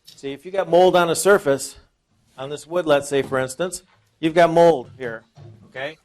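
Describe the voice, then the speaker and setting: A man's voice: fairly high pitch, moderate pace, a little mellow. A man presenting at an informal seminar, talking conversationally and asking the audience rhetorical questions, often repeating and restarting phrases. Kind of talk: informal sales seminar talk.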